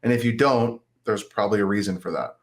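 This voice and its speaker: A man's voice: on the low side, quick pace. A man speaking as a therapist guest in a casual interview, explaining ideas and acting out inner self-talk in quoted lines.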